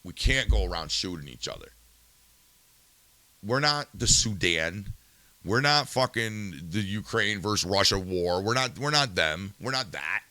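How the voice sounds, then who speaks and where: A man's voice: lowish voice, expressive, a little slow, pushed and bright, dry recording. A male podcast host in a profane ranting monologue, angry and swearing, firing rhetorical questions and then turning subdued and somber.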